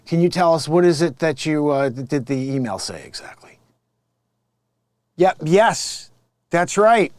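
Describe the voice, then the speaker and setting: A man plays a sleazy phone scammer who sneers at his coworkers and sweet-talks his marks. The voice sits high and jumps around a lot. It is recorded close with no room sound. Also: expressive, a little slow, long pauses, no room sound. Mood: smug. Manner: smug, mocking, laughing at his own lines. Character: sleazy male phone scammer boss posing as tech rebate agent. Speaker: improv comedian. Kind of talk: improvised comedy sketch.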